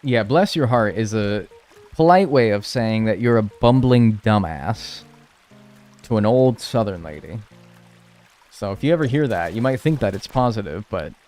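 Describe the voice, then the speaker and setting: A man's voice: on the low side, lively intonation, moderate pace, darkish tone, faint music behind. A young man streaming a video game, chatting casually and rambling, swearing freely as he talks. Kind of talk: casual stream chat while playing.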